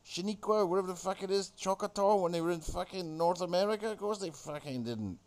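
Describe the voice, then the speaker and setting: A man's voice: sits high, brisk. A man, delivering a rambling, sweary, sardonic comic monologue as host.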